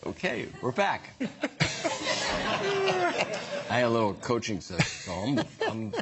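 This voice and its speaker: A man's voice: fairly low pitch, very animated, brisk, creaky, heavy background noise. A male talk show guest reading jokes aloud with a dry delivery.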